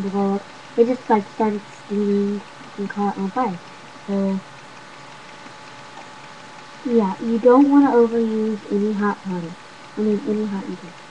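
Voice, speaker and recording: A woman's voice: mid-range voice, warm tone. A young woman chatting casually to her webcam at home, rambling and talking to viewers as y'all. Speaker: vlogger. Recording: dull lo-fi webcam audio with faint noise.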